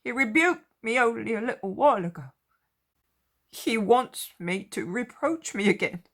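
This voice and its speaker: A woman's voice: on the high side, lively intonation, normal speed, pitched above the performer's own voice. A woman voicing a remorseful grown fisherman apostle who pleads anxiously and tearfully. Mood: pleading.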